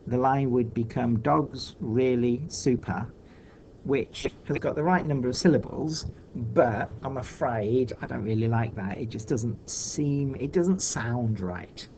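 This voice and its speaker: Male teacher, slow deliberate delivery, faint background hiss, patient and thinking aloud. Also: mid-range voice, darkish tone, poor audio. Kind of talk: recorded online lesson for children.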